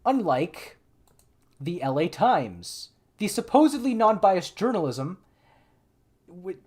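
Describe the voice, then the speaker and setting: A man's voice: high voice, sing-song, slow pace, a little mellow, husky. Guy doing live political commentary, sarcastic, keeps restarting sentences. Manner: sarcastic, exasperated asides; thinks aloud with frequent restarts.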